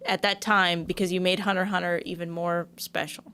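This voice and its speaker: A woman's voice: fairly low pitch, little pitch movement, bright, forceful tone, clean tone. Young woman chatting on a podcast. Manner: frequent quick agreeing interjections. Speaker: podcast co-host. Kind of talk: casual chat.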